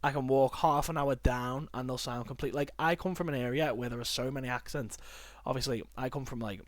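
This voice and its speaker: A man's voice: mid-range voice, fairly quick, no echo. A young man with a northern English accent, chatting loosely as a podcast host. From north of England, near Liverpool. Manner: chatty, rambling, animated when joking. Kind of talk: casual podcast chat.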